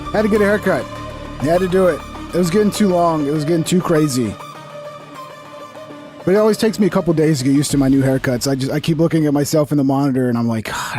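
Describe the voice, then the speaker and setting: A man's voice: on the high side, warm tone. A young man hosting a casual livestream, talking bluntly and sarcastically with lots of swearing. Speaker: streamer reacting to news.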